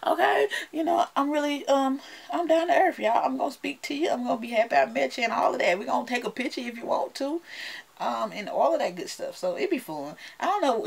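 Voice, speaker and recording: Chatty Southern woman vlogger. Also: medium pitch. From United States. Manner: chatty and playful, laughs often, talks straight to viewers. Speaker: beauty vlogger. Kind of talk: casual chat to camera.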